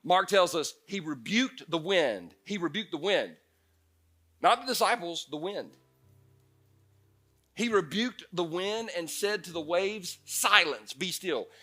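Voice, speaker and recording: Bright-voiced animated male pastor preaching. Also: sits high, measured pace, pauses often, soft background music. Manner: animated, swings from loud to hushed. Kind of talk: sermon.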